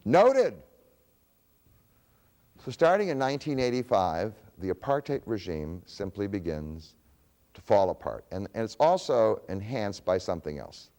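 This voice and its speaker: A man's voice: lowish voice, very animated, moderate pace, a little mellow, in a large hall. A man giving a public lecture, who poses rhetorical questions and answers them himself.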